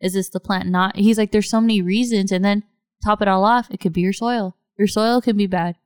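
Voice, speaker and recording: Woman chatting, super animated stories, smooth clear voice, dry close sound. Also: a little fast, no room sound. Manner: animated storytelling, lots of "like", acts out quotes in a higher voice. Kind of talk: casual chat.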